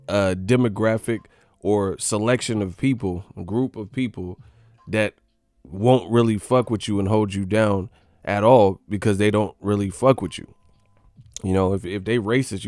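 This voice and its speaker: A man's voice: fairly low pitch, a little mellow, no echo. A man hosting a casual boxing chat, ranting and joking with lots of profanity. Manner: profane, joking, riffing rants. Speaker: boxing commentary host.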